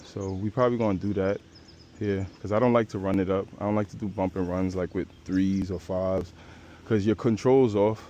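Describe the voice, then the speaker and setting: A man's voice: sits low, steady tone, normal speed, dark tone, muffled recording, slight background noise. A young man casually narrating his golf round outdoors on a course, playful and chatty, joking and talking to his ball. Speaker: golf vlogger.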